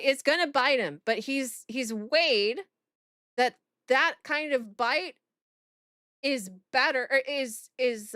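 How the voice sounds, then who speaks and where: A woman's voice: on the high side, bright, forceful tone, no echo, clean studio sound. A woman streaming live, reacting aloud with lots of exclaiming and swearing and talking to her chat.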